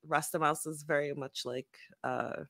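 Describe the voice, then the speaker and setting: A woman's voice: deep voice, fairly even intonation, measured pace, a bit bright, no room sound, clean studio sound. A woman co-hosting a casual book club podcast, chatty and opinionated with lots of fillers. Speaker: podcast co-host.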